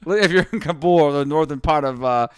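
A man's voice: a little high, fast talker, slight background noise. Profane rambling podcast co-host man. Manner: profane, rambling storytelling with quoted voices. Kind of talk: casual chat.

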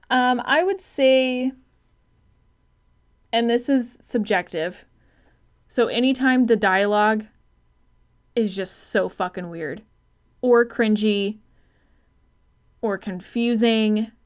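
A female podcast co-host in relaxed, unscripted conversation. She thinks out loud in rambling stretches. She swears casually and laughs easily. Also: a little high, slow, pauses often. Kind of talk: casual film-review chat.

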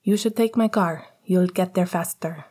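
A woman voicing a tall young male hockey player, shy and kind, with a gentle way of speaking. The voice is low-set, soft and husky. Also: moderate pace.

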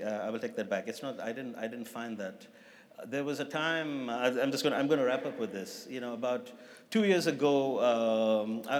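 A man giving a sermon as guest preacher, talking casually with asides and self-corrections. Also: medium pitch. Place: church hall. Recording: long reverb of a church hall.

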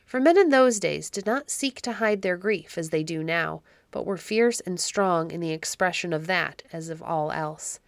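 Woman, storybook narrator, measured reading, lowish voice, dry close recording. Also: dry recording. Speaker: narrator and podcast host.

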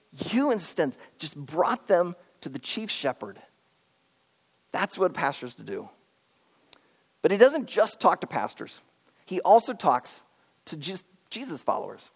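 Male pastor, sermon, earnest and animated, lively pitch swings, long hall reverb. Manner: animated, earnest, pleading preaching with swings between loud and hushed. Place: church auditorium.

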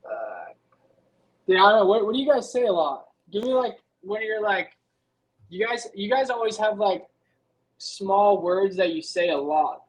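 Relaxed young male guest, slightly high. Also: moderate pace, low-quality recording. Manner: relaxed, casual with filler words. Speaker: guest, racer. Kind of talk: casual chat.

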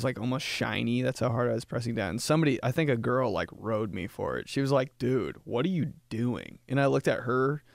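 A young man hosting a podcast, riffing through a casual comedic monologue, laughing often and jumping into high put-on voices when he quotes people. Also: gravelly, no room sound. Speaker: podcast host.

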